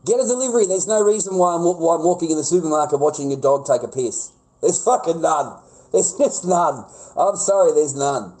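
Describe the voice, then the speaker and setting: High-voiced Australian man ranting. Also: expressive, moderate pace, darkish tone, rough recording. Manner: heated, profane ranting. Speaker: livestreamer. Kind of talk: livestream rant.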